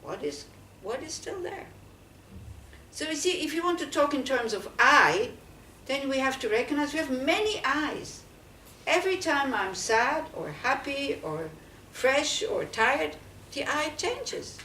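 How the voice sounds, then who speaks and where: A fairly high-voiced woman, a Buddhist nun, teaches a small group in a conversational, questioning way, sprinkling her points with "you know". She sounds set back from the mic in a roomy, echoing teaching room with faint ambient noise behind her. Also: very animated, a little slow, bright, forceful tone. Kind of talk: dharma talk to a small group. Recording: echoey room, speaker far from mic.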